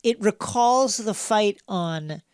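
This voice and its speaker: A man hosting a podcast, recapping a film in a casual, animated way with many fillers. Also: high-pitched, takes it slowly, smooth, dry recording, studio quality. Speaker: podcast host.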